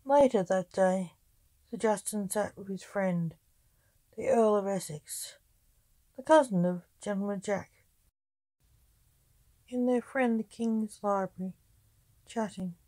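A woman reading her own story aloud as narration, in a calm and even way. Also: medium pitch, slow pace, long pauses, dry recording.

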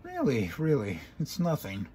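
A man's voice: medium pitch, wildly swooping pitch, a little slow, warm tone, slight background noise, pitched above the performer's own voice. A man voicing a brash, tomboyish female pegasus pony who talks casually while trying to comfort a friend in a fan story reading. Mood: coaxing. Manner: coaxing, casual.

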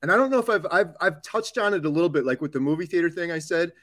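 A male live stream host with a slightly high voice talks with enthusiasm and often stammers at the start of his sentences. The sound is dry and close. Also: fast talker, a bit bright, dry recording. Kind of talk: casual chat.

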